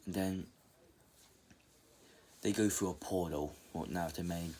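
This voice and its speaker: A man's voice: sits low, steady tone, measured pace, dark tone, slight background noise. A man casually retelling a fan story, rambling and full of fillers and restarts.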